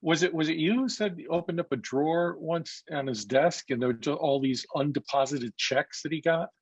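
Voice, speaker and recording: A man's voice: fairly high pitch, a little fast, breathy edge, dry recording. A man, a photographer, reminiscing in casual chat over a video call, reflective and chatty. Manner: reflective, chatty, with small restarts. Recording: dull, dry lo-fi audio.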